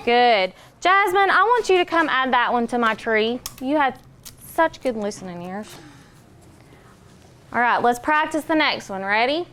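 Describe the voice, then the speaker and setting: A woman teacher leading a phonics lesson, giving clear, patient directions and drawing out sounds slowly. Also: a little high, expressive, a bit bright. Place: classroom.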